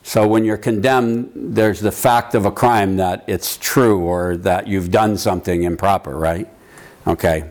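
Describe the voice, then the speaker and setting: Low-voiced man teaching a Bible class. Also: steady tone, a little mellow. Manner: conversational, halting, quizzes the room. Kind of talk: informal Bible teaching to a group.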